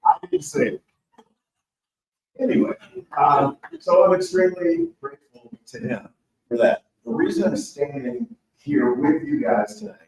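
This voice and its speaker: This man, an author addressing an audience in a large event hall, tells an honest personal tale and jokes in a conversational way. His voice is mid-range, creaky, and warm, heard distantly in an echoing room.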